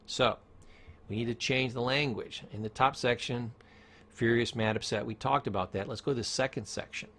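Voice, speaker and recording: A man's voice: medium pitch, fairly even intonation, normal speed, a bit bright. A middle-aged man, a former therapist, giving a casual, emphatic self-help lecture and acting out quotes. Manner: conversational, emphatic, acts out quotes.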